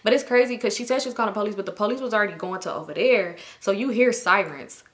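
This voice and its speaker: A woman casually telling a dramatic story from her own life, acting out what everyone said and swearing freely. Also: fast. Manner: animated, acts out quotes in high voices, swears freely. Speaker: storytime vlogger.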